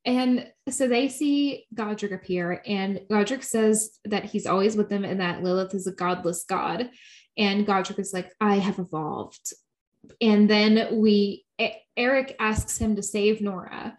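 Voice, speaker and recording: A woman's voice: mid-range voice, fairly even intonation. Chatty woman recapping a show. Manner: chatty, quick, laughs often, quotes characters. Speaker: podcast co-host. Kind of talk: casual recap chat.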